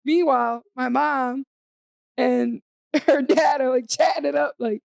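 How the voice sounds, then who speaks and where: A young woman co-hosts a casual podcast, spinning a story with lots of "like" and acting out each person in it. Her voice sits high, and the recording is dry and close with no room sound. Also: a little slow, gravelly, no room sound. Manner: animated, acts out quoted voices, frequent "like". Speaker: podcast co-host.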